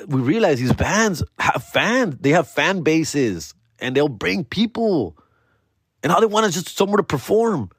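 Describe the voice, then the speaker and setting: A man's voice: mid-range voice, no room sound, studio quality. A man, a comedian and podcast host telling a story in casual, slang-heavy talk, acting out quotes.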